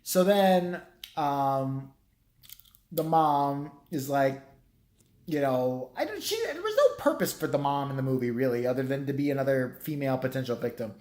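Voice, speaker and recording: A man's voice: mid-range voice, expressive, moderate pace, darkish tone. Man with a profane, rambling review in an echoey room. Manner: profane, rambling, acts out characters' lines. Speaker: movie reviewer.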